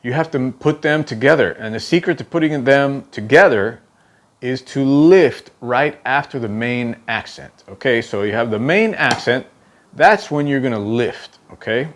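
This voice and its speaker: A man's voice: medium pitch, animated, moderate pace, fairly bright tone. A man teaching a drum technique, explaining step by step, counting aloud while he demonstrates, and often checking in with "okay?". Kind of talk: instructional demonstration.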